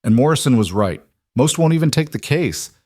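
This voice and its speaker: A man voicing a struggling rancher who speaks in a flat, defeated way. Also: medium pitch, brisk, dry recording, clean studio sound, voice pushed up, lightly acted.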